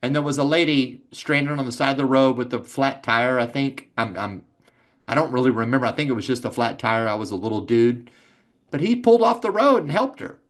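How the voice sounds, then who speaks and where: A man's voice: medium pitch, fairly quick. A man with a Texas accent, a guest on a casual podcast, telling laid-back stories and swearing freely. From Texas, USA. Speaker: insurance agency owner, guest.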